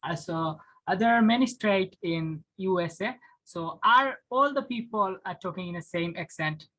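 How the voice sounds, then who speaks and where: A man's voice: high voice, moderate pace, fairly bright tone, low-quality recording. A man from Bangladesh, hosting an interview in a formal, hesitant way with frequent uhs, over a video call. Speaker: interviewer, channel host. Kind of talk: casual interview conversation.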